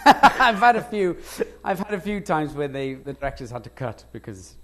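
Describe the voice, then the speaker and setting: Welsh man telling animated anecdotes. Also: fairly high pitch, normal speed. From Wales. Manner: animated anecdotes, laughs often, self-interrupting restarts. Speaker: guest actor. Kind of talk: on-stage storytelling conversation. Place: lecture stage before an audience.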